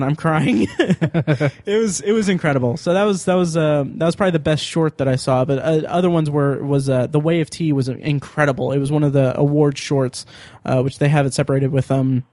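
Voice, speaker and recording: A man hosting a podcast, chatting casually and excitedly, with many fillers and restarts. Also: fairly high pitch, no echo, clean studio sound. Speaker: podcast host. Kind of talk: casual chat.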